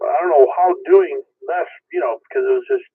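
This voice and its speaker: A man checking in on a ham radio net, talking casually with many halting restarts. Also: on the high side, breathy edge. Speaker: caller checking in. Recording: tinny radio transmission.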